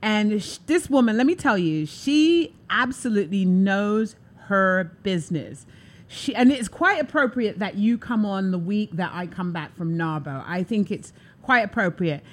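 A woman's voice: mid-range voice, lively intonation, a little slow. A woman hosting a casual live-stream talk show, talking in an effusive, enthusiastic and chatty way. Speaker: show host. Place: New York City.

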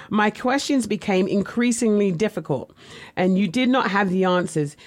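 A woman speaks in a candid, reflective way, recounting her childhood and family as a memoir. Her delivery is conversational and unhurried, moving between plain narration and asides to the listener. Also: medium pitch. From West Indian family. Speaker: author telling her life story. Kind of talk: personal memoir storytelling.

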